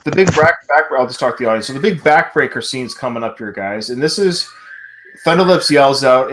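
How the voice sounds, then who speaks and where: A man's voice: mid-range voice, expressive, fairly quick, a bit bright. A man hosting a live podcast from home, casually recapping film scenes play by play. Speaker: podcast host.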